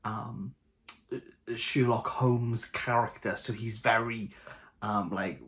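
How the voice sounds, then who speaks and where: A man's voice: on the low side, takes it slowly, long pauses. A young man with a Welsh Valleys accent, chatting casually and jokily to camera as host of a book channel. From Wales. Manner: chatty, jokey, animated.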